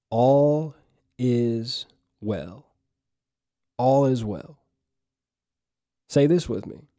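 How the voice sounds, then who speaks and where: Dark-voiced man preaching on a podcast. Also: mid-range voice, takes it slowly, pauses often. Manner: exhorting, urges listeners to repeat phrases aloud. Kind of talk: podcast sermon with guided breathing.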